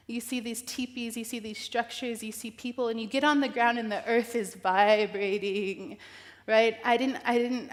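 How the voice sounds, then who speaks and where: A woman from northern New Mexico giving a heartfelt keynote talk, halting with fillers and restarts, close to tears. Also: a little high. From northern New Mexico, US Southwest. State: emotional. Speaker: activist and keynote speaker. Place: large event hall. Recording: long reverb of a large hall.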